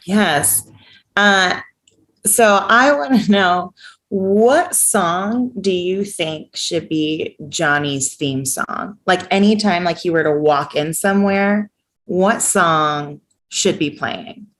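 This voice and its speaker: Woman, comedian interviewer, slow pace, playful, giggly. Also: on the low side, fairly bright tone.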